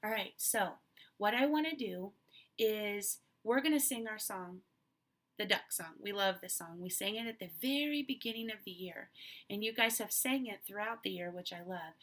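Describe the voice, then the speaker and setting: A woman's voice: mid-range voice, a bit bright. A woman teacher giving an online lesson to young children, cheerful and coaxing with many questions, speaking into a laptop mic.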